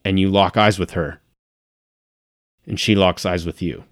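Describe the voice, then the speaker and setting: A man running a tabletop game as game master, describing scenes and dropping to a hush at dramatic beats. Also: low voice, steady tone, unhurried, no echo, studio quality.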